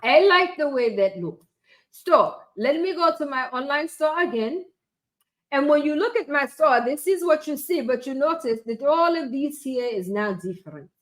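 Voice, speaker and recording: A woman with a high, bright-pitched voice walks through a screen-share tutorial. She talks to herself as she works and laughs at her own little jokes. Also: expressive, normal speed. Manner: chatty, thinks aloud, laughs at own jokes. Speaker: life coach and tech tutorial host.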